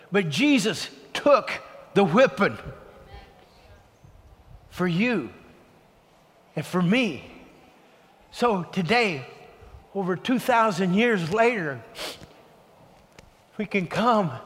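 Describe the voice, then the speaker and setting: A man preaching a sermon, telling a personal story in an earnest, storytelling way that turns hushed and emotional, then leading a prayer. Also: high-pitched, in a large hall.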